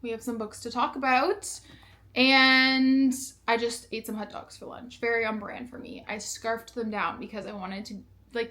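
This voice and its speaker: A woman's voice: on the high side, sharp tone. A young woman chatting casually to camera at home in a vlog, bubbly and chatty. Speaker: vlogger.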